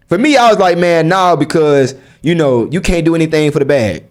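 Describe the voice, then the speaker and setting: A young man with a slightly high voice gives his viewers blunt, casual advice. He talks in street slang and keeps throwing rhetorical questions at them. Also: expressive, fairly quick. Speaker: vlogger. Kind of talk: casual advice monologue to camera.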